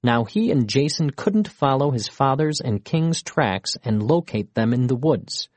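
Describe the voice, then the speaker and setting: A man reading a children's storybook aloud with expressive, measured narration. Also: medium pitch, no room sound.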